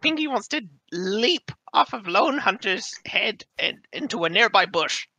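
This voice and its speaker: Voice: medium pitch, animated, unhurried, sharp tone, no echo. A player in a tabletop game, playful and bantering.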